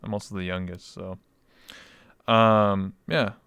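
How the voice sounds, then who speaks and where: A man in his twenties hosting a casual interview, telling stories in an animated way and laughing often. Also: on the low side, slow, clean tone, dry recording. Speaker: podcast host. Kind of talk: casual chat.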